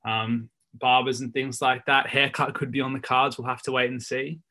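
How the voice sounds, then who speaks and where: A man hosting a football podcast in a relaxed, chatty way, often pausing with ums. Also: mid-range voice. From England. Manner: laid-back, lots of ums and "so yeah". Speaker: podcast host. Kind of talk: casual chat.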